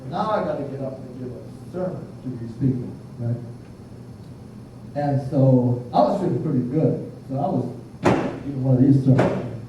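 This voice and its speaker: A man's voice: medium pitch, moderate pace, slight background noise. An older man, a Buddhist minister, giving a blunt, humorous sermon in a conversational storytelling way. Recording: echoey hall, distant, muffled.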